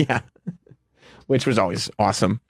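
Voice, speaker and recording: A man's voice: on the low side, moderate pace, no echo, studio quality. Giggly man bantering on radio. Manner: giggly, playful, often laughing. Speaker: radio show regular.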